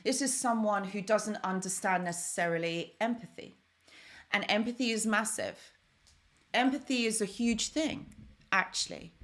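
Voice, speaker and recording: A woman's voice: medium pitch, moderate pace, a bit bright. A young woman chatting on a live stream, thanking viewers by name as she talks. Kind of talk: casual live stream chat.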